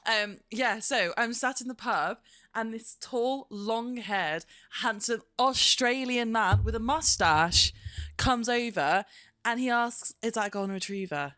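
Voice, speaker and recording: A woman's voice: on the high side, slow, pushed and bright, no room sound. A young woman, chatting casually in a home vlog and talking to her dog. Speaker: vlogger.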